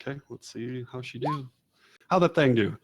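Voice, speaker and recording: Casual game master, mid pitch, dry close mic, swears a lot. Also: male voice, moderate pace, dry recording. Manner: loose, profane, many fillers. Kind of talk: narrating a tabletop game.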